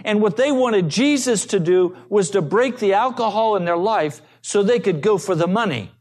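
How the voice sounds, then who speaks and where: A man's voice: high-pitched, expressive, a little mellow. A man preaching a sermon as pastor, earnest, telling stories and acting out the people in them. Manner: slow, earnest preaching with acted-out quotes.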